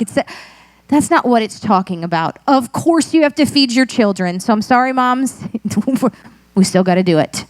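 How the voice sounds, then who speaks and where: A woman pastor in her thirties gives a relaxed, humorous sermon and talks straight to her church. Her voice sits a little high and the sound is dry and close, with almost no room echo. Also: normal speed. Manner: animated, joking and self-deprecating with the congregation. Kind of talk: conversational sermon. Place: church sanctuary.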